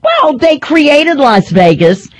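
A woman's voice: high voice, wildly swooping pitch, slow pace, low-quality recording. A woman hosting a talk radio show, delivering a sarcastic, rambling, opinionated monologue.

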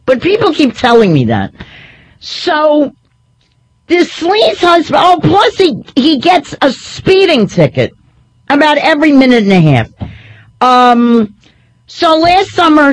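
A woman's voice: fairly high pitch, poor audio. A woman hosting a talk radio show, delivering a sarcastic, rambling, opinionated monologue.

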